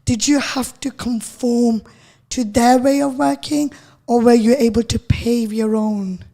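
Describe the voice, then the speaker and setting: A woman from England, hosting a casual radio interview as a chatty, expressive storyteller. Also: on the high side, a little slow, vocal fry. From northern England. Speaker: radio host.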